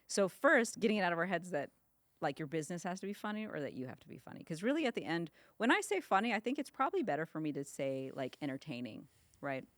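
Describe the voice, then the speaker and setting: A woman in a casual interview, talking fast and laughing easily as she acts out sample ad lines. Her voice sits on the low side, recorded close and dry. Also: big pitch swings, no room sound. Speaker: guest, ad creator.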